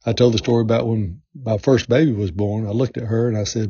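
Husky, mellow-voiced man coaching on a podcast. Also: on the low side, steady tone, quick pace, few pauses, no echo. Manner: earnest, repetitive coaching delivery. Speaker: podcast host. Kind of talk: motivational podcast talk. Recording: dull lo-fi sound.

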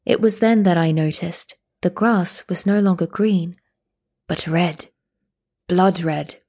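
A woman reading a first-person story aloud as narrator, at a steady, measured pace. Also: lowish voice, slightly rough.

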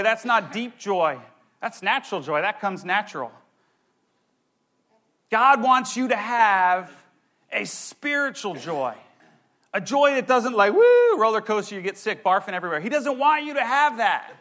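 A young man preaching a sermon, excitable and animated, with playful asides. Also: sits high, unhurried. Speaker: pastor.

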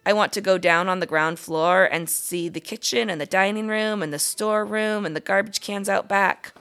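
A woman's voice: medium pitch, normal speed, smooth, natural voice. A woman doing an eager young boy mouse. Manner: eager, excited. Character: curious adventurous young male mouse.

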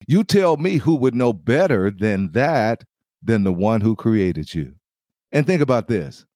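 A man preaches in an earnest, measured way, sharing his own story and reading scripture aloud. His voice sits at an ordinary middle pitch. The recording is dry and close, with no room sound. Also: a little mellow, dry recording. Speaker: podcast host and preacher. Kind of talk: scripted sermon with personal testimony.

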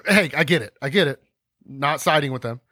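A man's voice: fairly high pitch, animated, fairly quick, bright, forceful tone, no room sound. A man hosting a podcast, explaining history casually, ranting and acting out scenes in comic voices. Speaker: podcast host.

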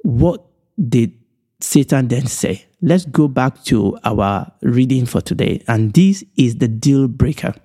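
A man's voice: medium pitch, expressive, slow, mellow. A middle-aged man from Nigeria hosting a Bible teaching podcast, stressing his points and counting them off one by one.

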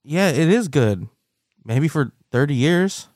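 A young man in casual podcast chat, animated and quick to laugh, peppering his talk with "dude" and "like". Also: on the high side, no echo, clean studio sound. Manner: animated, laughs often, says dude and like a lot.

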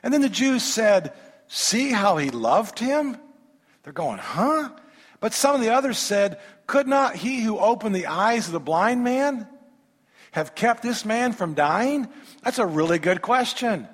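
A man preaching a sermon, reading scripture aloud and breaking in with animated rhetorical questions and humorous asides to the congregation. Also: sits high, measured pace. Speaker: pastor. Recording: long reverb of a large hall.

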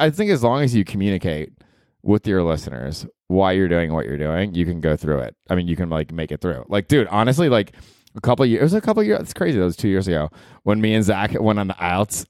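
A man in his forties hosting his own podcast, rambling through a solo monologue with lots of swearing, self-mockery and sudden high mock voices, recorded at home in a dry close setup. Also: a little mellow, dry recording. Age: 40s. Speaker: podcast host and stand-up comedian. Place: New York apartment. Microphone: handheld field recorder.

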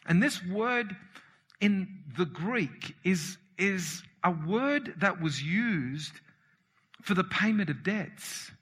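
A man's voice: sits high, animated, slow pace, husky. Fervent male preacher in a reverberant hall. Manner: fervent, emphatic preaching with sudden shouts and drops. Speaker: pastor. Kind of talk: sermon.

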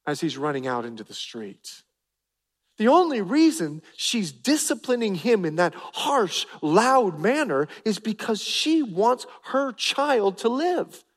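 A middle-aged man preaching a sermon as pastor, animated and acting out family voices. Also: sits high. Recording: long reverb of a large hall.

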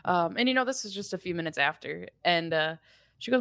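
A woman in her thirties speaks with a gravelly, fry-edged voice. She tells a family story in a candid, reflective way and laughs at herself. The recording is dry and close, with no room sound. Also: on the low side, lively intonation, brisk, a bit bright, no room sound. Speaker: parenting podcast co-host. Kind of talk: casual conversational storytelling.

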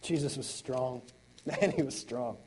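A man preaching a sermon, swinging between loud exclamations and quiet intensity, with laughing conversational asides. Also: mid-range voice, measured pace, husky, rough recording. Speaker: pastor.

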